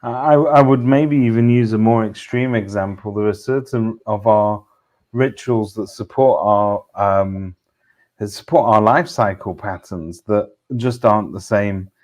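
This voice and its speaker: A man co-hosting a reflective discussion, speaking in a measured, thoughtful way with small hesitations. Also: lowish voice, darkish tone.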